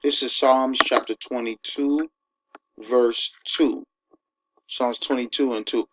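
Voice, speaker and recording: A man giving an informal sermon, emphatic and conversational, who keeps asking his listeners "all right?" and slows down to read scripture. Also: medium pitch, steady tone, pushed and bright, poor audio. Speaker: preacher.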